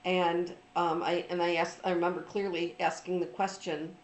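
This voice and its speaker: A middle-aged woman telling a personal story in an informal, reflective talk, pausing often with ums and restarts. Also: lowish voice, level tone, reverberant, poor audio. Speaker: trauma recovery speaker.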